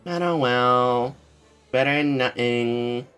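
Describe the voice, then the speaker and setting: A man's voice: mid-range voice, slow, a bit bright, clean tone, soft background music. A young man streaming a game readthrough, chatting casually with a sarcastic, jokey manner and some swearing. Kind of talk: casual gaming commentary.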